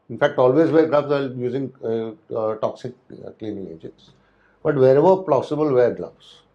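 The recording is dull, but the speaker's mid-range voice comes across warm. He's a hospitality security instructor lecturing on hotel safety and security in a loose style, with plenty of fillers and restarts.

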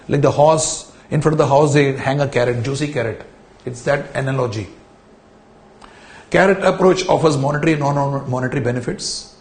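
A man's voice: medium pitch, fairly quick, reverberant. A man gives a classroom lecture, repeating words and telling students to underline key terms.

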